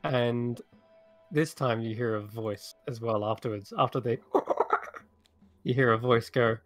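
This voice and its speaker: A man's voice: mid-range voice, fairly even intonation, slow pace, a bit bright, no echo, soft background music. A man running a tabletop game as game master, describing the scene in a loose, descriptive way.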